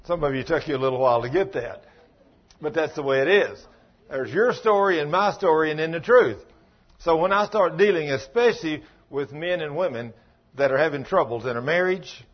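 A man's voice: a little high, moderate pace, highs cut off. A man preaching a sermon as pastor, telling folksy stories in a plain-spoken, emphatic way.

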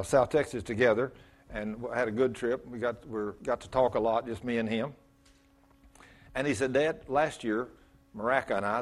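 A middle-aged man preaching a sermon as pastor, telling stories with self-mocking humor and rising to loud emphatic bursts. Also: medium pitch.

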